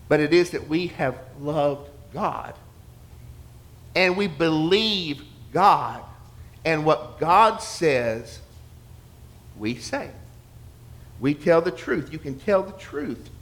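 Man preaching with a fairly high voice. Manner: builds from murmured asides to loud emphatic preaching; repetitive, conversational with rhetorical questions. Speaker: pastor. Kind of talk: sermon.

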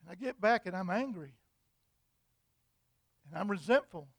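A man preaching a sermon, telling an imagined story in an animated, repetitive way. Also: high voice, moderate pace, dry recording.

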